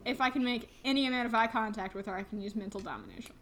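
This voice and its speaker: A woman's voice: on the high side, expressive, very fast, a bit bright, slight background noise. A woman playing a tabletop game, speaking tentatively and hedging her ideas. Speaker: player. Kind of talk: casual tabletop play.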